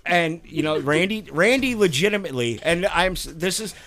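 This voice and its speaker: A man hosting a casual group chat, telling stories in an animated way and laughing often. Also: high-pitched, moderate pace. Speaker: podcast host, haunted house owner.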